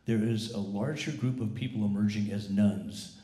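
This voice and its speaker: Pastor, male, voice gone rough after illness, lowish and mellow, chatty sermon delivery in a reverberant church. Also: steady tone, moderate pace. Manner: conversational, with frequent restarts and repeated words. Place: church service. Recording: echoey church sanctuary.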